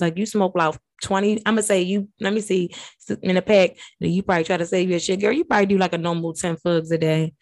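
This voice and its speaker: A woman hosting a podcast, recapping reality TV in brash, profane, animated casual chat. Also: mid-range voice, no room sound. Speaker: podcast host.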